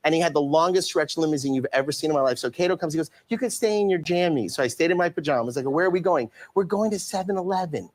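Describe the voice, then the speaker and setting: A man's voice: fairly high pitch, racing, few pauses. A man telling a long, funny anecdote as a talk show guest, laughing often and acting out the voices of the people in it. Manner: laughing storyteller, acts out voices.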